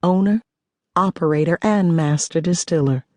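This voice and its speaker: A woman voicing a confident, sharp-witted woman chemist who speaks in a dry, teasing, self-assured way in an audiobook. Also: lowish voice, moderate pace, no echo, close to an everyday voice.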